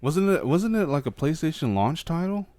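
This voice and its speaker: A man's voice: on the high side, very animated, normal speed, mellow, no room sound. A young man co-hosting a podcast, reacting eagerly in short, profane bursts. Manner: enthusiastic, swears, short reactions. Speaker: podcast co-host. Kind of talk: casual chat.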